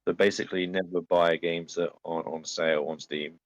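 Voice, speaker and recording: A man talks over voice chat in a very deep voice, matter-of-fact as he looks things up. His mic sounds dull and lo-fi, and very dry. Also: fairly even intonation, brisk, no room sound. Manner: matter-of-fact, checks facts aloud. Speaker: co-host in voice chat. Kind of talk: casual gaming chat.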